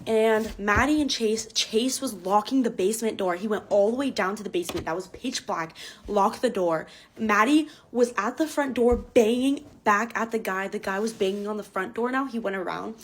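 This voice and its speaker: A woman recounting a frightening night in a casual storytime. She talks in a breathless, profane rush, with a voice of ordinary middle pitch. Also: moderate pace.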